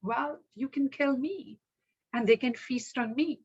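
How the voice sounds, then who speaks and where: A woman voicing a loyal horse who calmly insists on sacrificing himself. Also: high voice, unhurried, husky, lo-fi sound, exaggerated voice. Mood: resolute. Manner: calm, resolute. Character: loyal, selfless horse, calm and firm.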